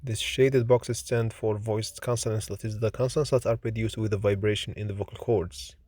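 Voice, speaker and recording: A man's voice: lowish voice, steady tone, a little mellow, no room sound, studio quality. A man teaching a recorded phonetics lesson, reading example words one by one for the listener to repeat. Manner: slow, deliberate drilling of example words for repetition. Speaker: phonetics lecturer.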